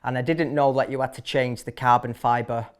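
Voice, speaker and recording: A man's voice: mid-range voice, steady tone, normal speed. A man in his thirties with a Manchester accent, a barber telling his story in a casual interview, blunt and chatty with many fillers and restarts. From Manchester, England. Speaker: barber and shop owner, interview guest.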